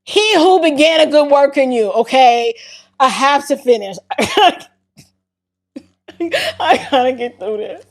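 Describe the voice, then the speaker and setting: A woman's voice: high-pitched, moderate pace. A woman hosting a casual livestream, laughing hard and breaking up as she talks. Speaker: livestream host.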